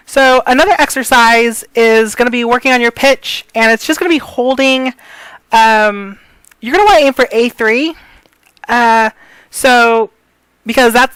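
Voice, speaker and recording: A woman coaches breathing and pitch drills in a loose, rambling way, trailing off into fillers and apologizing for tangents. Her voice sits fairly high and sounds smooth. The recording is close and dry. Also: fairly bright tone, dry recording, poor audio. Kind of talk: casual tutorial.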